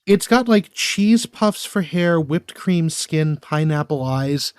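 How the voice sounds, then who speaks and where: Animated man, dry close mic. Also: a little high, slow pace, clean tone, no echo. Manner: animated, exasperated rants. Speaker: podcast co-host. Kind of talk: casual podcast chat.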